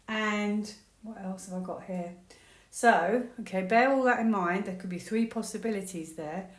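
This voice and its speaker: A woman reading tarot cards to camera in a chatty, excitable, conspiratorial way. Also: lowish voice, roomy sound. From United Kingdom. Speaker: tarot reader.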